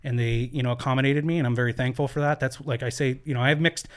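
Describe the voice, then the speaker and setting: A man talking quickly and earnestly as a studio podcast guest. His voice sits at an ordinary middle pitch, and his words tumble out in bursts full of fillers and false starts. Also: fairly even intonation. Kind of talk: candid conversational storytelling.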